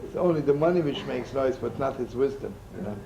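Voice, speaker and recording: Older male rabbi, gravelly, lively storyteller, slips in Yiddish and Hebrew words. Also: mid-range voice, fairly quick, highs cut off, noisy background. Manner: animated, chatty, sprinkled with Yiddish and Hebrew terms. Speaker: rabbi teaching. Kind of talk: storytelling sermon with jokes.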